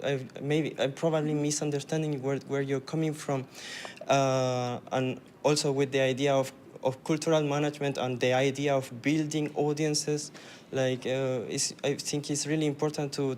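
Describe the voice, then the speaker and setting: Flat-voiced man, hesitant question. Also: a little high, slight background noise. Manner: hesitant, restarting, many fillers. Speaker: audience member asking a question. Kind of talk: question from the floor.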